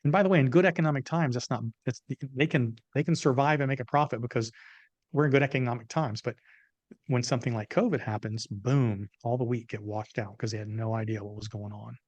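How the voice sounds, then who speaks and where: Middle-aged guy telling punchy business stories on a podcast, mid pitch, dry close mic. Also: brisk, no room sound, muffled recording. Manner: animated, emphatic anecdotes. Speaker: business consultant guest. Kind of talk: interview storytelling.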